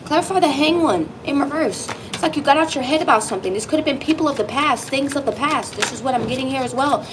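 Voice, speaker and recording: A woman giving a tarot reading, talking directly to her viewer with emphatic, reassuring energy and the odd curse word. Her voice sits a little high and swings widely in pitch. A faint hiss of noise sits under the recording. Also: fast, hardly any pauses. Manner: lively, emphatic, swearing, speaks directly to the viewer. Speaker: tarot reader.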